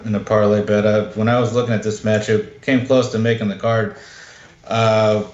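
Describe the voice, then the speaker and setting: A man's voice: lowish voice, a little mellow, echoey room, muffled recording. A man giving laid-back football betting tips as a panelist. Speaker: betting pundit. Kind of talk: casual panel chat.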